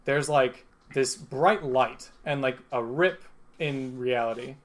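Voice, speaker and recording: A man's voice: medium pitch, slow. A young man narrating as game master, rambling with many fillers and chuckling as he goes.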